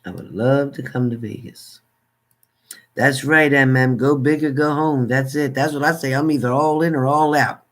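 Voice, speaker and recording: An older man casually chatting on a livestream, warmly thanking viewers by name and calling them hon. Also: mid-range voice, steady tone, normal speed. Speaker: livestream host.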